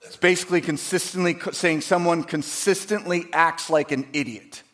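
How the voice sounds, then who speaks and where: Guy preaching a sermon, kinda high voice, goes from quiet asides to loud emphatic bits. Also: fairly even intonation, normal speed. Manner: acts out quoted voices dramatically. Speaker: pastor.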